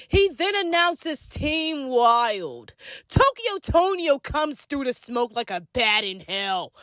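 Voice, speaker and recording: A woman's voice: high voice, a bit bright, no echo, studio quality. A woman giving a casual, sassy and slangy recap commentary of a reality show episode. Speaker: commentary vlogger.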